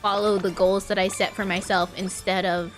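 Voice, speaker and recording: A woman's voice: medium pitch, little pitch movement, normal speed, soft background music. A woman from California chatting casually on a livestream while playing a game, rambling in loose, filler-heavy sentences and often laughing at her own stories. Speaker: VTuber streamer.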